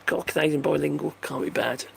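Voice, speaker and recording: A man's voice: on the high side, fairly even intonation, fairly quick, gravelly, a little hiss or hum. An older man casually chatting on a livestream, rambling and joking as he answers viewer comments. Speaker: livestream host reading chat. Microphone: phone.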